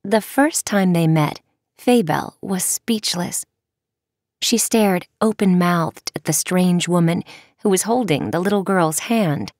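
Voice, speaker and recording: A woman narrating a children's audiobook with expressive, measured storytelling. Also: fairly low pitch, no echo, clean studio sound. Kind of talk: scripted narration.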